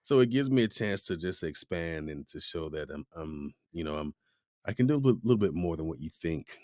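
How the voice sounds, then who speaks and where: This time the voice actor, a guest in a casual interview, talks a little fast in a low-pitched voice, animatedly performing quoted voices. There's no echo, and the quality is studio-grade.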